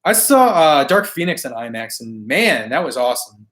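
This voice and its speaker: A hoarse man who is losing his voice, hosting a toy collecting live stream in a laid-back, slangy way as he answers viewer comments. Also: medium pitch, big pitch swings, moderate pace, a bit bright. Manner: laid-back, chatty, slangy, often laughing.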